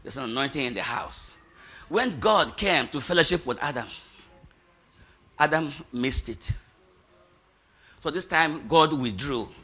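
This middle-aged pastor preaches a lively testimony sermon. His voice sits high for a man, with a very bright, cutting edge and a husky grain. He shouts at the high points and laughs between lines. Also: unhurried, long pauses.

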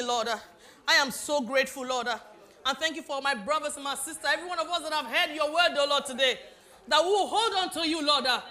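A woman preacher with a very high, piercingly bright voice calls out rhythmic declarations, dropping an "uh" between phrases. She swells to shouting and then sinks into hushed prayer. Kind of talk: fervent sermon and prayer.

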